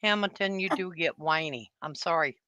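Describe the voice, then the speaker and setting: A woman's voice: low-pitched, normal speed, pushed and bright, smooth, no room sound. An older woman on a live audio chat panel, giving blunt, motherly advice and scolding in casual talk. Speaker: panel member. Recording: dull lo-fi stream audio.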